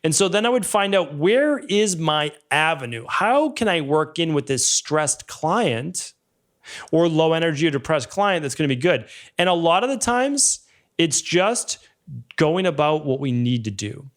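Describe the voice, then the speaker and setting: A man's voice: on the high side, sing-song, measured pace, a bit bright. A man in his forties hosting a solo podcast, telling stories and acting out client conversations. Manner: storytelling, acts out client exchanges in quoted voices. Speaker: podcast host, health practitioner. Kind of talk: casual solo podcast talk.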